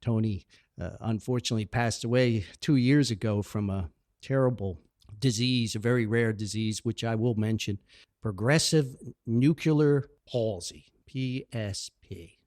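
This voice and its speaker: A man's voice: lowish voice, normal speed, dry recording, studio quality. A man telling old neighborhood stories in a casual podcast monologue, laughing and acting out the dialogue. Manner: animated, laughing, acts out dialogue. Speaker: podcast storyteller. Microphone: studio mic.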